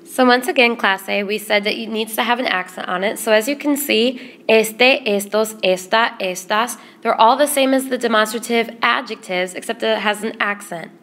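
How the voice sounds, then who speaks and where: A woman's voice: fairly high pitch, fairly bright tone. Patient woman teaching Spanish grammar. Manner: patient, explains slowly, repeats word lists. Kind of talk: classroom grammar lesson.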